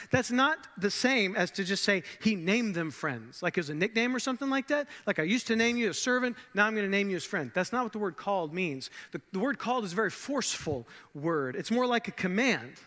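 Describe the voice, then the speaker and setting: A man preaching a sermon as pastor, pausing for effect and dropping soft and low on key words, with casual asides to the listeners. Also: animated, in a large hall. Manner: dramatic pauses, drops to soft lows on key words; conversational asides. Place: large church hall.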